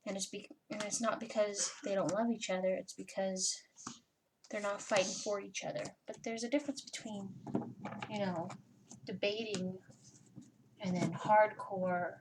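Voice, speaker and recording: A woman's voice: medium pitch, heavy background noise. A woman giving a casual personal tarot reading, chatty and swearing freely, with lots of "you know" fillers. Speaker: tarot reader.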